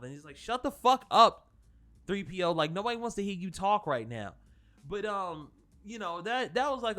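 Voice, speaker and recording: A man's voice: fairly high pitch, a bit bright. Profane rambling man reviewing a film. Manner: profane, rambling, with frequent fillers and restarts. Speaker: channel host reviewing a film. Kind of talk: casual spoken review.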